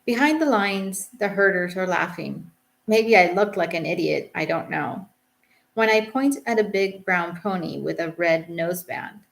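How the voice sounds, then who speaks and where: A young Englishwoman reads her travel memoir aloud with a low, gravelly fry settling into her phrases. Her delivery is reflective, and she holds a dry, understated wit. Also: a bit bright. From England. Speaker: author reading her memoir. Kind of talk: audiobook memoir narration.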